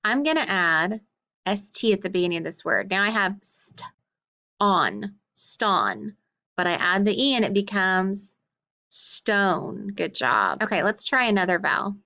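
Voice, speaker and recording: A woman teaching a phonics lesson to young children, patient and encouraging, sounding words out slowly. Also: mid-range voice, animated, sharp tone.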